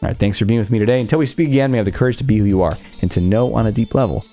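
A man hosting a self-help podcast, talking to listeners and telling stories with animated, acted-out quotes. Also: lowish voice, rapid-fire, faint music behind. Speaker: podcast host.

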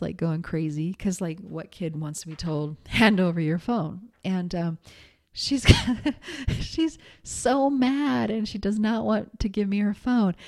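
A woman's voice: lowish voice, mellow. A middle-aged woman giving a candid, chatty self-help talk as a coach, with plenty of ums.

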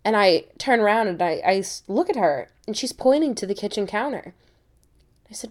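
A young American woman hosting a podcast, telling a travel story in an animated way with many quick restarts. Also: medium pitch. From United States. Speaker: podcast host. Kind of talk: casual storytelling.

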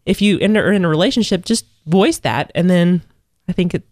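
A woman co-hosts a casual chat in a rambling way, full of restarts and quick laughs. Her voice sits fairly low and sounds dry, close to the mic. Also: darkish tone, no echo. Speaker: co-host.

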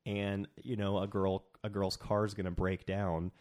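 A young man with a somewhat low voice chats easily as a podcast co-host. He tells stories with animated energy, often stopping to restart a phrase. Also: normal speed. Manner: animated storyteller, many restarts. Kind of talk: casual chat.

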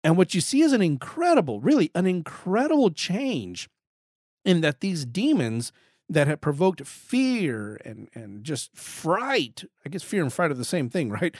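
A man teaching through a Bible passage in an earnest, emphatic way, often doubling back on his words for stress. His voice sits somewhat high. The sound is dry and close, with no room echo. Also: big pitch swings, measured pace, a little mellow. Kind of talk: Bible study teaching talk.

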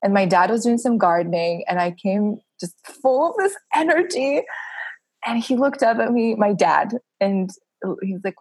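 A woman's voice: mid-range voice, lively intonation, moderate pace, slightly rough, dry recording, low-quality recording. A woman in her thirties, a podcast guest who talks openly and laughs often between her phrases. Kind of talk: candid casual interview chat.

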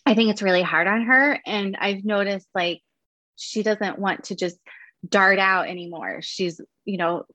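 A woman's voice: mid-range voice, measured pace, pushed and bright, no echo. Woman guest chatting about her dogs, lots of um and like, dry close sound. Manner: chatty, laughs often, many fillers. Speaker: guest, dog owner. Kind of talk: casual interview chat.

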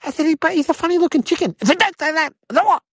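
A woman voicing an eight-year-old city boy, telling a rambling comedic story in a whiny, excitable way. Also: very high voice, very fast, dry recording. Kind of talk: comedic character monologue.

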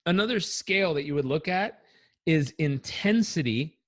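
A man on a podcast telling personal stories in an animated way, acting out the voices in them. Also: fairly high pitch, moderate pace, no echo. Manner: animated, acts out quotes. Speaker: guest. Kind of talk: conversational storytelling.

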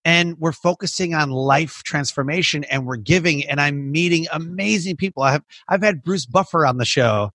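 A man's voice: fairly high pitch, normal speed, few pauses, a bit bright, no room sound. A man who hosts a podcast and coaches, chatting in a rambling way, full of "like" and restarts. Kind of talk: casual interview chat.

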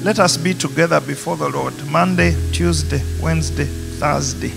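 A pastor with a Ugandan accent preaching a passionate sermon in a church, rising to emphatic peaks. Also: male voice, fairly high pitch, normal speed, creaky. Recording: music playing behind.

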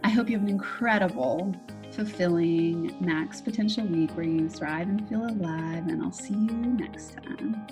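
A woman's voice: on the low side, measured pace, music in the background. A young adult woman hosting her own podcast as a manifestation coach, talking candidly and reflectively with fillers and restarts. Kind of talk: solo podcast monologue.

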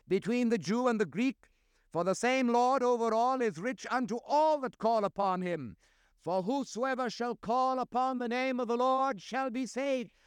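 A man's voice: very high voice, clear, resonant tone, no room sound, studio quality. A man preaching a sermon in a church sanctuary, impassioned, with strong rises and falls, repeating phrases for emphasis. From grew up outside his audience's country. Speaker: pastor.

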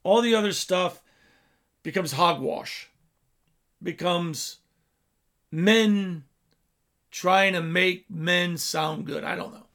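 Male preacher, high and gravelly, dynamic sermon delivery. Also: slow pace, long pauses, fairly bright tone. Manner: storytelling preaching, swells and drops in volume.

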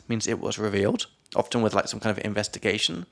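A man's voice: fairly low pitch, moderate pace, creaky. A young English man with an English accent co-hosting a podcast, casually explaining vocabulary and joking between terms. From England. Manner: laughing, loose and playful, drops into silly voices. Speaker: podcast co-host, English teacher.

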